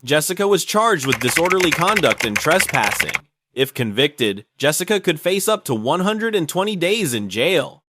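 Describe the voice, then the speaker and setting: A man reading scripted narration for a video about police footage, in a measured, storytelling delivery. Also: a little high, very animated, bright, forceful tone, a little hiss or hum.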